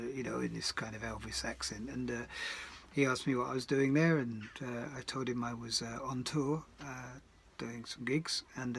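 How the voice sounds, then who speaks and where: A man's voice: mid-range voice, fairly bright tone, a little hiss or hum. A singer-songwriter telling a rambling, hesitant story between songs, recorded in his garden shed, with dry asides.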